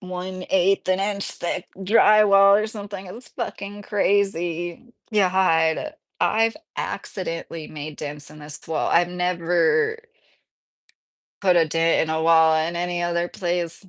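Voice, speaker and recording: A woman's voice: lowish voice, fairly even intonation, slow pace. Chatty woman streamer in her thirties. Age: 30s. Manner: chatty, laughs often, reads comments aloud. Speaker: livestream host reading chat. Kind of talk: casual livestream chat. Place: mobile home indoors.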